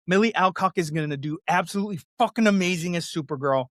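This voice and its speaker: A podcast co-host with a notably high male voice, ranting heatedly and swearing in nearly every phrase. The recording is close and dry, without room sound. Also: quick pace, hardly any pauses, fairly bright tone, dry recording. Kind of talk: casual podcast banter.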